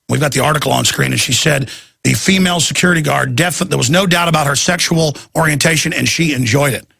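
A man hosts a talk show in a rambling, casual monologue, restarting often and acting out quotes. His voice sits a bit high for a man, gravelly and husky with a sharp, forceful edge. The sound is dry and close. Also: no room sound.

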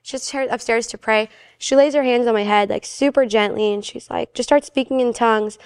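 A woman telling a personal faith story in a casual, animated way, briefly acting out the voices of the people in it. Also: a little high, fairly quick, clear, resonant tone, no room sound, studio quality. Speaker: guest sharing her faith testimony.

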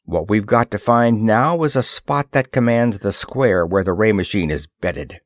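A man's voice: fairly low pitch, unhurried, no echo, clean studio sound, close to an everyday voice. A man voicing a decisive adventure hero. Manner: firm, decisive.

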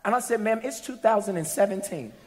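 A man with a notably high voice preaches a sermon. He tells stories with playful asides and climbs into loud, shouted moments. His voice carries long echoes through a large hall. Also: lively intonation, a little fast, background noise.

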